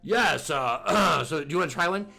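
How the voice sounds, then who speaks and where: A man co-hosting a casual kids' news chat with his child, halting and playful, with many fillers. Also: a little high, lively intonation, vocal fry, pushed and bright, faint music behind. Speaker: co-host and father.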